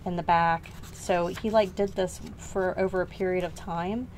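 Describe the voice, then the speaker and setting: A lower-voiced middle-aged woman talks through her old art in a loose, rambling way, stopping to correct herself and sounding a little out of breath. The recording has steady noise in the background. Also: moderate pace, poor audio. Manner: rambling, self-correcting, unsure recollections. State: short of breath. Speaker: art channel host. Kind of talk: casual show-and-tell vlog.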